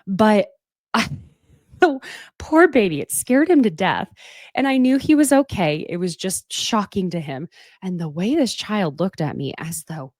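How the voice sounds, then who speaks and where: A woman hosts a casual podcast recapping a reality show, animated and gossipy, laughing often and addressing listeners directly with asides. Her mid-range voice moves at a measured pace, and the recording is studio quality with no echo.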